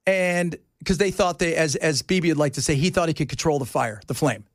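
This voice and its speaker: A man hosting a talk radio show, rambling in a casual, animated way from topic to topic. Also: on the high side, brisk, no echo, clean studio sound.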